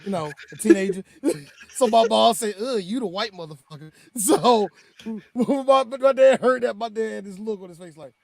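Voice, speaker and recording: A man co-hosting a casual podcast chat, telling animated jokey stories and slipping into other people's voices. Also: high-pitched, normal speed, gravelly. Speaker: podcast co-host.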